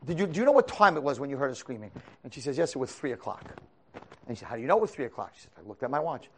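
Animated rabbi telling a story. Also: male voice, medium pitch, rapid-fire. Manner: animated storyteller, swings from hushed asides to loud dramatic peaks. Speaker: rabbi teaching a class. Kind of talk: storytelling lecture.

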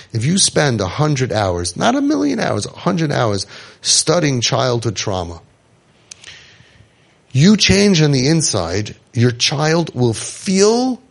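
A man with a gravelly, creaky voice gives an inspirational storytelling talk. He jokes and acts out the people he quotes, and his pitch sits in an ordinary middle range. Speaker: inspirational speaker.

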